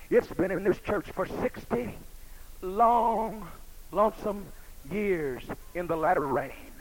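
A man preaching a sermon in a rhythmic delivery, swinging between hushed lines and shouts. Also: high-pitched, a little hiss or hum, poor audio. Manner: shouting, rhythmic, rising and falling. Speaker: pastor.

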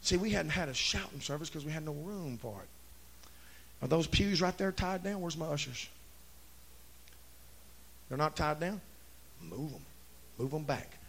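A man preaching a Pentecostal revival sermon, shouting in rising bursts. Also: on the high side, animated, a little slow, pauses often, a little hiss or hum. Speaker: pastor.

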